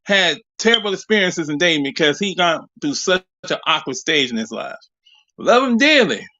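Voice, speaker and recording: Forties guy calling in, high voice, bright and dry, chatty and laughing. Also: very animated, moderate pace, no echo, muffled recording. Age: 40s. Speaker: caller. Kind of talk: casual chat.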